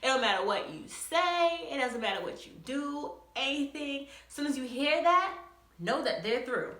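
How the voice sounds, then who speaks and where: A young woman vlogger telling a casual story, animated, laughing often and acting out quotes. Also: sits high, normal speed, echoey room.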